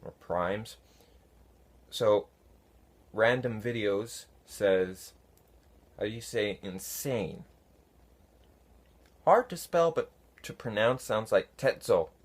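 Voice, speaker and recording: Slow, low-voiced man chatting casually. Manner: unhurried, halting, with many fillers. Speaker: fan conlang vlogger answering comments. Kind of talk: casual talk to camera.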